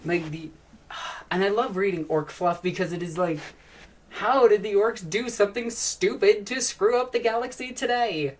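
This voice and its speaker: A woman's voice: mid-range voice, normal speed, distant mic. A woman hosting a casual live stream, chatting and answering questions from chat in a rambling, enthusiastic way, with frequent sighs and restarts.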